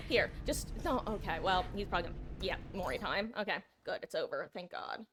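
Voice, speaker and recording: A woman streaming a game live, pleading and exasperated, swinging between loud outbursts and low muttering. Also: expressive, a little fast, few pauses, background noise.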